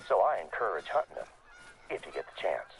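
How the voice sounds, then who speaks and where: A man voicing a calm, matter-of-fact hunting guide in a video game's scripted voice-over. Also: low voice, a little fast, vocal fry, exaggerated voice, poor audio. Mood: informative. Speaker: in-game wildlife guide.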